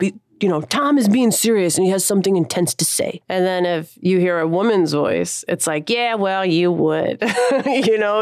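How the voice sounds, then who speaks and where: A woman's voice: sits low, gravelly, dry recording, studio quality. A woman musician in her thirties, talking casually and thoughtfully in an interview, using slang and laughing often. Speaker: musician guest.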